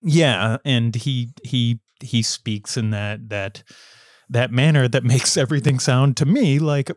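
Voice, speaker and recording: An American man guesting on an interview show, talking in animated bursts with frequent stammers and restarts. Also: medium pitch, unhurried, dry recording, studio quality. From United States. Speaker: guest author. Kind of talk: casual interview chat.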